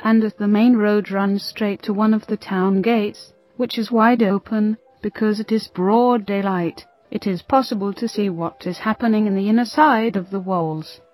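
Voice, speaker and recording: Woman reading a bible story aloud, steady n reverent, soft music behind. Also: mid-range voice, moderate pace, hardly any pauses, low-quality recording. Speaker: narrator.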